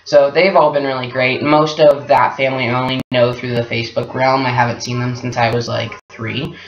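A man in his twenties, telling a personal story in a candid, reflective, soft-spoken way. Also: mid-range voice, level tone, a little fast. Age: 20s. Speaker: guest partner. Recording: echoey room, dull lo-fi sound.

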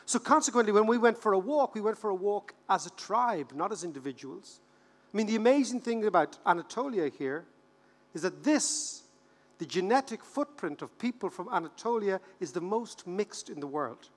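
A man in his fifties with an Irish accent, giving a conference keynote as a joking, animated storyteller who repeats words for effect. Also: sits high, moderate pace. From Ireland. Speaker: keynote speaker. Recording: reverberant hall.

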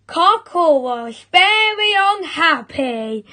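A woman reading a picture book aloud to children, very slow and clearly paced. Her voice is high and bright, with lively swoops in pitch. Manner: slow, expressive read-aloud. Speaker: storyteller.

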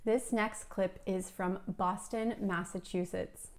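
A woman from Alabama teaching English, explaining clearly and steadily to viewers. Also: mid-range voice, steady tone, slow, very noisy.

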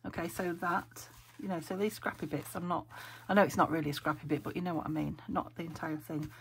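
A woman from England talks to herself over her craft papers. Her voice is low and gravelly, weak from a sore throat, and she often slips into a whisper. There is a noticeable hiss in the recording, and paper crinkles close by. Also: steady tone, fast, rough recording. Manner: chatty, thinking aloud, often dropping to a whisper. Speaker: craft vlogger. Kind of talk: casual chat while sorting craft papers. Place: craft room at home. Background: paper crinkling and clicks.

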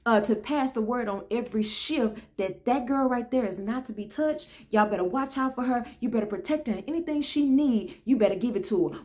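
A high-voiced woman tells her own story. Her tone is bright and lively, and she calls her listeners "y'all" and "honey". She goes quiet and soft whenever she quotes someone. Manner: expressive, drops to a hush for quotes, peppered with "y'all" and "honey". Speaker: vlogger telling a personal story. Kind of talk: animated storytelling.

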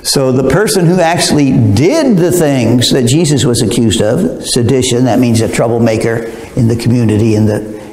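A male preacher with a medium-pitched, slightly mellow voice works through a Bible passage verse by verse at a normal speed. His teaching is conversational and digressive, spoken directly to his listeners, with roomy hall reverb on the recording.

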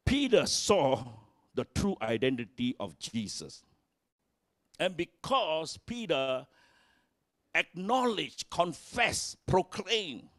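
A male pastor preaches in a slow, deliberate way, pausing often and leaning hard on key words. His voice sits a little high and swings in pitch and volume as he acts out the quotes. The sound is close and dry. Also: no echo. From Malaysia. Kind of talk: sermon. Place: church.

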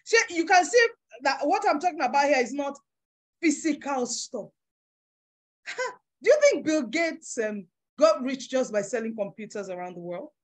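Emphatic high-voiced woman. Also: sing-song, moderate pace, pauses often. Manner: emphatic, preacher-like, acts out voices with big swings. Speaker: business workshop speaker. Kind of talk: motivational workshop talk.

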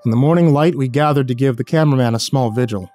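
Male horror storyteller, steady low-key narration over faint music. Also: quick pace.

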